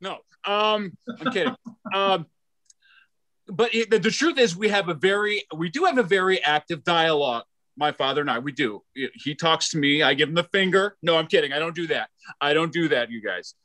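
Loud, animated man doing stand-up. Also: a little high, moderate pace, no echo. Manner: loud, animated, self-deprecating, with many restarts. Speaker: stand-up comedian. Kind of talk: stand-up comedy set.

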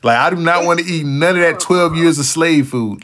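A male podcast host with a slightly high voice, talking in loose, animated banter. He jokes constantly, laughs at his own bits and swears without a second thought. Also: moderate pace. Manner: joking and animated, laughs often, swears freely. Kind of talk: casual interview chat.

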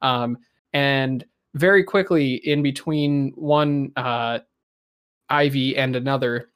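Man narrating a story with many pauses. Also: mid-range voice, a bit bright, clear, resonant tone. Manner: halting, many ums and searches for words. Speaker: improv storyteller. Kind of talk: casual improvised storytelling.

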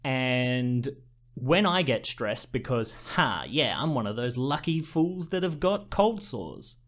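Male podcast co-host, mid-pitched, casual storyteller, animated, swears a lot. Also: takes it slowly. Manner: animated, swears freely, mimics others in stories.

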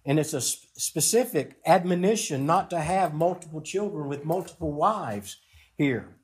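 A middle-aged man preaching a sermon as a pastor, slow and emphatic with long pauses. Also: a little high, animated.

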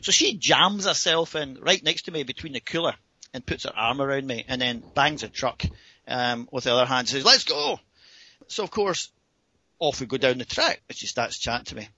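A Scottish man in his fifties spins a comic anecdote, laughing along as he tells it. His husky, bright voice swings widely in pitch. The sound is dry and a little dull. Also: brisk, dry recording. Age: 50s. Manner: animated, laughs through his story. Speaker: guest. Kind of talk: anecdote storytelling.

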